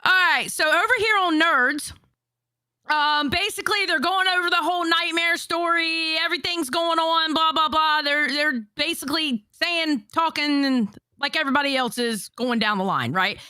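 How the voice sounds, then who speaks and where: Bright high woman recapping clips. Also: normal speed, no room sound. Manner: steers the talk, recapping clips. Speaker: co-host of a commentary stream. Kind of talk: casual chat.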